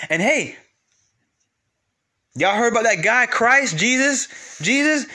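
High, bright-voiced man preaching informally. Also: takes it slowly, pauses often. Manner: animated, talks straight to listeners, repeats for emphasis.

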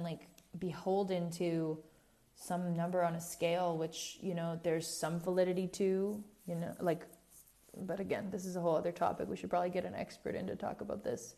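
A woman with a slightly low voice hosts a casual podcast monologue. She speaks candidly and animatedly, correcting herself mid-sentence and drifting into asides. At times she turns a little preachy as she presses her point. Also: fairly even intonation, moderate pace, mellow. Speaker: podcast host.

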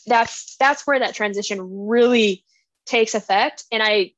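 A woman co-hosting a casual book podcast, retelling scenes in an animated way and quoting characters. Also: a little high, measured pace, dry recording, lo-fi sound. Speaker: podcast co-host.

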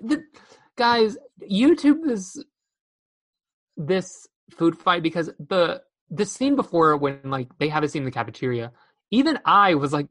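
A young woman with a low voice co-hosts a casual podcast about a movie. She retells scenes in an animated way, slipping into the characters' lines as she goes. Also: measured pace. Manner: animated storytelling with acted-out quotes. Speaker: podcast co-host. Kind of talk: casual chat reviewing a movie.

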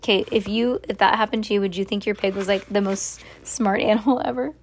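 A woman's voice: medium pitch, fairly even intonation, fast talker, few pauses. A woman reading a children's book aloud, with chatty asides between chapters. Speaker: reader.

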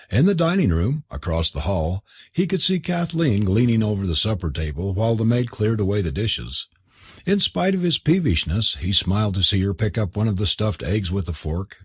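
A man narrating a novel aloud in an expressive, theatrical reading. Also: fairly low pitch, no room sound, clean studio sound. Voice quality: husky. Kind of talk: audiobook narration.

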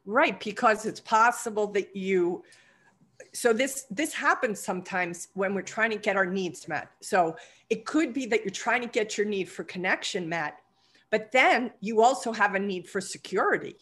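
A woman's voice: medium pitch, moderate pace, fairly bright tone. A woman acting as a trading coach who asks encouraging, probing questions. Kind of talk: coaching conversation.

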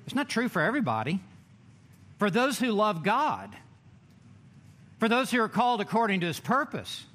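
A man preaching a sermon in a church, emphatic, with dramatic pauses and drawn-out words. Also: high voice, sing-song, a bit bright. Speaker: pastor.

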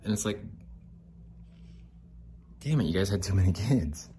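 A man's voice: sits low, lively intonation, moderate pace, mellow, slight background noise. A middle-aged man from the United States ranting casually as a podcast host, aggrieved and rambling, swearing freely. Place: outdoors near an apartment complex.

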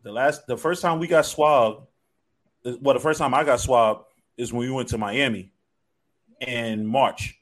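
A man in a casual chat, telling a story in a relaxed, drawn-out way with slang. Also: mid-range voice.

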